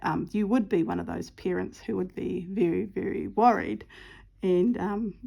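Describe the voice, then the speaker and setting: A middle-aged craft vlogger stitches at home while chatting casually, telling a rambling story full of ums. Her medium-pitched voice is warm and slightly rough, with vocal fry, fairly even intonation, and a normal pace.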